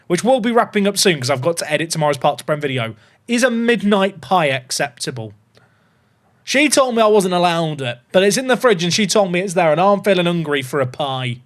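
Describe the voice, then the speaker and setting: An animated man in his thirties talks to his live-stream viewers as he plays. His voice sits high for a man and leaps around in pitch, drifting from easy chatter into theatrical panic. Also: fairly quick. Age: 30s. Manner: animated, swings between chatty and mock panic. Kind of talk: live-stream gaming chat.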